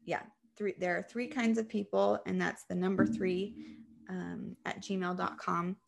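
A woman's voice: on the low side, steady tone, measured pace, vocal fry, a little hiss or hum. A woman co-hosting a podcast, telling family stories in a chatty way with lots of fillers. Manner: chatty storytelling with frequent fillers. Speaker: podcast co-host. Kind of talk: casual chat.

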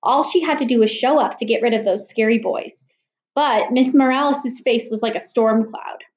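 A woman's voice: a little high, normal speed. Woman reading a children's novel aloud. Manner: expressive storytelling. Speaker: reader leading a read-aloud. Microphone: video call. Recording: roomy echo.

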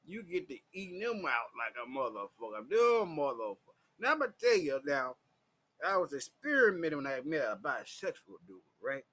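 Drunk man, raw storytelling, bright voice. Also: very animated, moderate pace. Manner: loud, crude and laughing, swings into high shouting. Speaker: vlogger. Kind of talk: raw, profane personal storytelling.

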